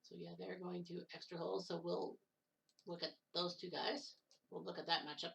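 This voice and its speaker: A woman comments solo and casually on a simulated golf match-play event's results, making jokes, straightening out mixed-up names, and swearing occasionally. Her lowish voice is creaky and fairly bright, delivered flatly at a moderate pace. She's recorded from a distance.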